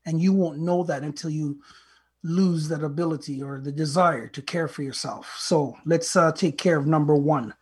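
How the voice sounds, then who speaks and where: A podcast host with a medium-pitched, slightly breathy voice speaks at a moderate pace, delivering an earnest, preachy motivational talk. It's packed with rhetorical questions and direct advice to listeners, and includes a fable retold in plain speech.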